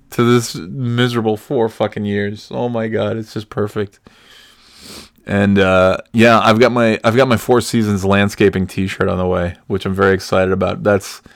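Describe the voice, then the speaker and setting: Gravelly low-voiced man, profane podcast host. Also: no echo, studio quality. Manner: profane, laughing, sarcastic. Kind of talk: casual solo podcast monologue.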